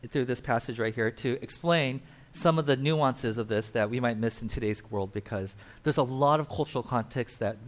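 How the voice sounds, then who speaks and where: A man preaching a casual, conversational sermon at a church, explaining with asides and acting out quotes. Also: medium pitch. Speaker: pastor.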